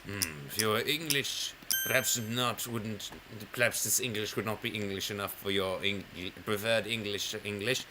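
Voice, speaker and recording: Bright-voiced man rambling over gameplay. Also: fairly low pitch, moderate pace, few pauses, slight background noise. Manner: rambling, self-mocking and playful, counting aloud while playing. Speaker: gaming channel host. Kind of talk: casual gameplay commentary.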